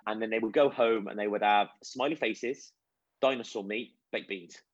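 Husky-voiced man, chatty coach. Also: on the low side, moderate pace, no echo. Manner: chatty, anecdotal, animated storytelling. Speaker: children's nutrition and fitness coach. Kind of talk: casual interview answers. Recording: dull, lo-fi sound.

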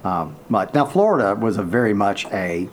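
A man's voice: fairly low pitch, very animated, moderate pace, slight background noise. A man from Tennessee chatting easily, telling stories with small stumbles. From Tennessee, US South. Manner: easygoing, storytelling, some stumbles. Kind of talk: casual chat.

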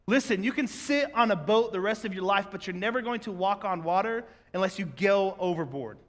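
A man's voice: sits high, expressive, fairly quick, a bit bright. A man preaching a sermon, talking conversationally to the congregation and asking rhetorical questions. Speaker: pastor. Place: church sanctuary. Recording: echoey hall.

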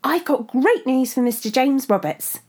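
A woman's voice: sits high, lively intonation, moderate pace, a little mellow, voice pushed up. A woman voicing a chirpy, formal female recruiter on the phone in a story reading.

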